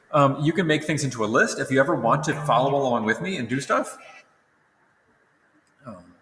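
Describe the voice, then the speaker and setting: A man's voice: medium pitch, bright, forceful tone, slight background noise. Tired man teaching in a roomy echo. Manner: casual, rambling, self-correcting. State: tired, yawning. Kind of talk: recorded lesson walkthrough. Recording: roomy echo with long reverb.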